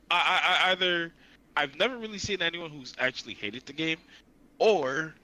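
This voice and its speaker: A man's voice: a little high, sharp tone, rough recording. A man co-hosting a casual podcast who talks in an earnest, emphatic way and swears freely. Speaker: podcast co-host. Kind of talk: casual chat.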